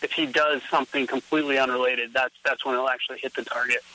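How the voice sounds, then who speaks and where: A man's voice: medium pitch, little pitch movement, fast, sharp tone, poor audio. A man co-hosting a podcast, in casual, upbeat, joking chat with his co-host.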